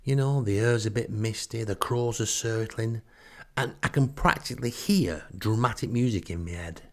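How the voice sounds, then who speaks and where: A storyteller and podcast host from Northern England, an older man, relates a comic story about himself in a wry, chatty, self-mocking manner. He speaks at a normal speed with a fairly low pitch.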